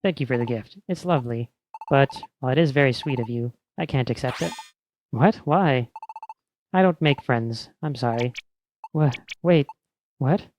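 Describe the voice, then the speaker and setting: A man's voice: mid-range voice, normal speed, darkish tone, dull audio, slight background noise, lightly acted. A man reading an aloof, cool wandering creature. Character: aloof graceful female wanderer creature, cold.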